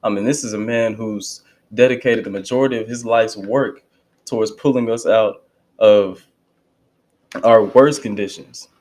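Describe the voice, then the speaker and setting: A man's voice: mid-range voice, darkish tone. Emphatic man in casual commentary. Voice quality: conversational, emphatic, lapses into quoting others. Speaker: channel host reacting to a speech.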